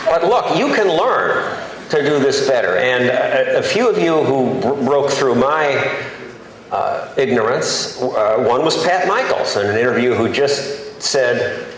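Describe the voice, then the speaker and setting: A man's voice: mid-range voice, very animated, unhurried. A man who is a journalist, giving an emphatic, plainspoken, self-deprecating speech to an audience in a large conference hall. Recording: very echoey hall, faint background noise.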